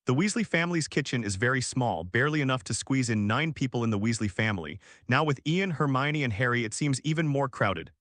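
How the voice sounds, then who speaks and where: Male narrator for fan fiction: steady storyteller, mid-range pitch, dry close sound. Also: brisk, few pauses, no room sound. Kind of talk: reading fan fiction aloud.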